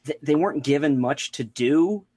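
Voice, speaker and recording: A man's voice: fairly high pitch, moderate pace, mellow, dry recording. Thoughtful man in casual film chat.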